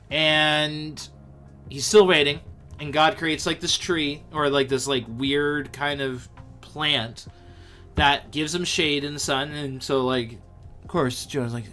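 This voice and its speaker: A man hosting a casual Bible talk on a livestream, animated and full of fillers. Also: a little high, unhurried, faint music behind. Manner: animated, filler-heavy, lots of likes. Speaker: livestream host.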